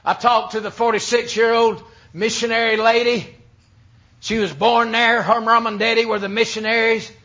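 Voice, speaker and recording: A man from the United States, preaching an emphatic sermon that swings between loud and hushed. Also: very high voice, little pitch movement, moderate pace. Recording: dull lo-fi sermon recording.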